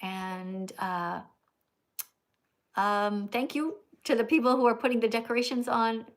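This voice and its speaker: A woman's voice: fairly high pitch, unhurried. A middle-aged American woman hosting a livestream in casual chat, emphatic and scolding, repeating herself. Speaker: livestream host.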